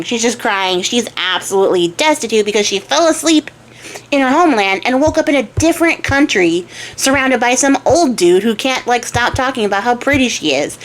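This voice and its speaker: A woman's voice: medium pitch, low-quality recording. A woman retelling a fairy tale casually as a craft channel host, chatty, jokey, with slangy asides to viewers.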